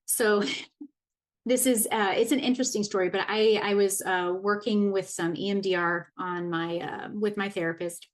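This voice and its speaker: A woman in her thirties talks through a masterclass in a casual, earnest way, pausing and restarting as she thinks. Her voice sits at an ordinary middle pitch, neither high nor low. She sounds like a coach sharing her own experience. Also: steady tone. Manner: earnest, reflective, loose with fillers and restarts. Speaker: wellness coach.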